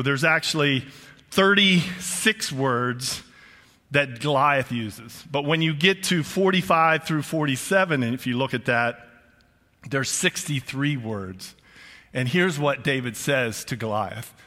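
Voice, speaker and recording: A man's voice: medium pitch, bright, forceful tone. An older man preaching a conversational sermon as pastor, chatty and emphatic, often restarting his phrases. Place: church auditorium. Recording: long reverb of a large hall.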